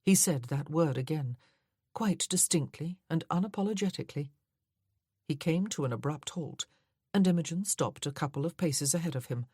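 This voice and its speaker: A woman narrating a historical romance audiobook in a measured, even storytelling voice, close to the mic. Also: low-pitched, dry recording.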